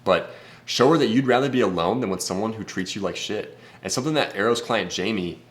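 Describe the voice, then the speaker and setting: Brash deep-voiced man giving advice. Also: fairly quick. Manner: brash, profane, blunt. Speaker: dating coach. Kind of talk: casual vlog advice talk.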